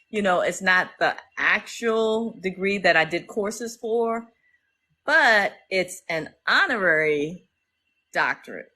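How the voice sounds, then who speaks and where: A woman's voice: fairly low pitch, sharp tone, breathy edge, low-quality recording. A middle-aged woman, hosting a casual livestream and talking emotionally to her viewers. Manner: emotional, talks straight to viewers as y'all. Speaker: livestream host.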